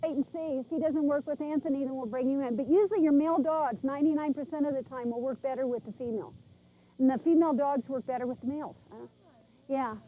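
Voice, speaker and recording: A woman animal trainer coaches pet owners outdoors on an old VHS tape. Her voice sits high but mellow, and her instructions come chatty and direct. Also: quick pace, poor audio.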